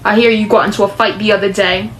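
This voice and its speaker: Woman doing a firm, controlling mother, mid-pitched, measured. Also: steady tone, a bit bright, soft background music, lightly acted. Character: protective, controlling middle-aged mother.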